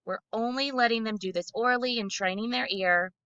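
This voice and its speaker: A woman giving an instructional presentation to teachers, explaining reading skills clearly and methodically and slowing down to model syllables aloud. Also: fairly high pitch, pushed and bright, dry recording, dull audio. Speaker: literacy trainer.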